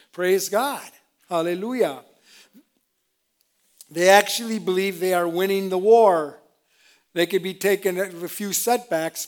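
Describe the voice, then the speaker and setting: A man preaching a sermon with fervent delivery, moving between loud exclamations and quiet, self-deprecating asides. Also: high voice. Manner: self-deprecating, with laughs and restarts.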